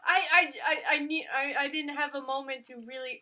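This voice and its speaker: A woman giving live gameplay commentary, excitable and gushing, with frequent exclamations and casual swearing. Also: high voice, fairly quick. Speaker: let's player.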